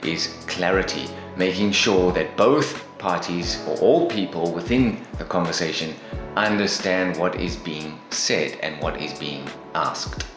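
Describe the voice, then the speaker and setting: Deep-voiced man teaching English. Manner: calm, explanatory, measured. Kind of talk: instructional lesson. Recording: echoey room with faint music.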